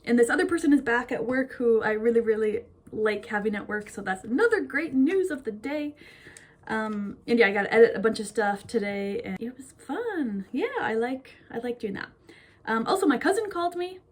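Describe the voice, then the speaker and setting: A young woman from Minnesota talks in a chatty, bubbly ramble straight into her phone. Her voice sits a bit high and carries a soft, breathy huskiness, and she strings thoughts together with plenty of fillers. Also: animated, moderate pace. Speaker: vlogger. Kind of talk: casual chat.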